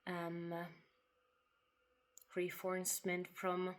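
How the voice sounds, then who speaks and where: A woman muses aloud in a slow, gentle monologue, letting long pauses sit between her thoughts. Her voice sits a little low for a woman. Now and then she softens into a breathy half-whisper. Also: monotone. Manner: soft and unhurried, with long pauses, occasional breathy half-whispers and quiet laughs. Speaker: writer sharing spiritual reflections. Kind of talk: reflective spoken monologue.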